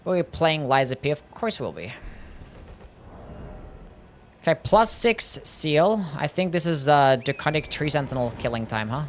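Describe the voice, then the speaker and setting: A man's voice: a little high, lively intonation, moderate pace, a little hiss or hum. Offhand male game streamer. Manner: loose and offhand, with swearing and laughter. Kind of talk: casual live-stream commentary, answering chat. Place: home streaming setup.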